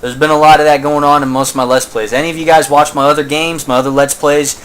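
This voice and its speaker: A man's voice: fairly high pitch, little pitch movement, fast, fairly bright tone, slight background noise. A man hosting a casual let's play, rambling and joking in self-mocking asides while he plays. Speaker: gaming channel host.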